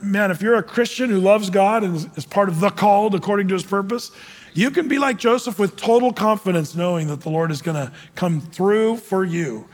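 A male pastor preaching in a conversational way, putting questions to the audience between fillers. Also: sits high. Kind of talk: sermon. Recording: long hall reverb.

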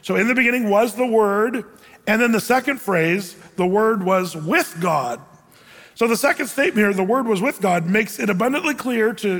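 A man with a high voice delivers a sermon from the stage of a church, and his words ring out with a long hall reverb. He keeps it conversational and lightly joking, stopping often to pose rhetorical questions to the congregation. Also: a bit bright. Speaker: pastor.

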